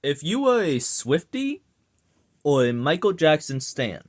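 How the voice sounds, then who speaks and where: A man's voice: a little high, big pitch swings, unhurried. A young man giving a casual, profane rant to his audience, exasperated and sarcastic. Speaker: vlogger ranting.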